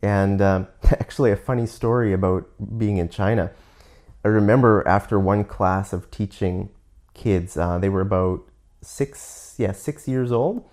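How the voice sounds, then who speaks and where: Canadian guy chatting to learners, kinda low voice, stops and restarts a lot, explains words. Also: unhurried, a little mellow. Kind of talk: casual monologue.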